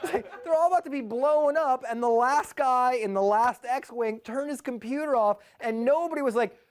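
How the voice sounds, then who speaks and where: A man telling a personal story live, animated, often laughing and acting out the quotes. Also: very high-pitched, normal speed.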